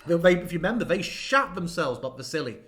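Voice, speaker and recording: A man's voice: high-pitched, faint music behind. A man and game master, chatting casually and animatedly about a finished campaign, acting out quotes as he goes. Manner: animated, quick, swearing, acts out quotes. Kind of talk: casual chat looking back on a campaign.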